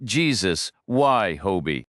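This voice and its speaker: A man's voice: low voice, sing-song, slow pace, fairly bright tone, no echo, studio quality, heavily acted. A man voicing a furious middle-aged finance director who screams, pants and sneers sarcastically, in a storybook reading. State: out of breath.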